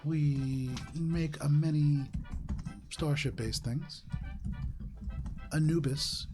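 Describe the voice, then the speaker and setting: A nondescript businessman selling ship weapons, played by a man in a low, hushed, even tone. He weighs every word and never raises his voice. Soft music lingers in the background. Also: drawn-out words. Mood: businesslike. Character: bland, businesslike male arms dealer in sunglasses.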